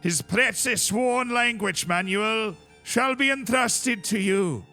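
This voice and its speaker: Figure: grand formal envoy voiced by a man. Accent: put-on Scottish. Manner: pompous, ceremonial. Tone: very bright, pitched well up. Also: takes it slowly, faint music behind, exaggerated voice. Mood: solemn, grandiose. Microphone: headset.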